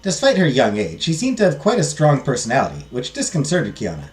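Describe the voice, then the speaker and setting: A let's play host narrating a visual novel aloud, with an expressive read. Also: mid-range voice, brisk.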